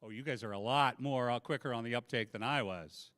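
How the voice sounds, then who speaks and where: A man's voice: medium pitch, a little fast. A middle-aged man doing a self-deprecating stand-up comedy set on a live stage, talking into a handheld mic. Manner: self-deprecating, animated storytelling. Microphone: handheld microphone.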